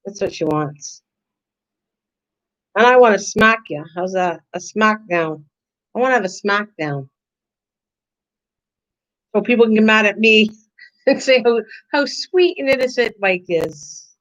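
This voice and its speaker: A woman's voice: medium pitch, animated, measured pace, pauses often, fairly bright tone, lo-fi sound. Teasing older woman chatting with viewers. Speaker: channel host. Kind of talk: casual live-stream chat.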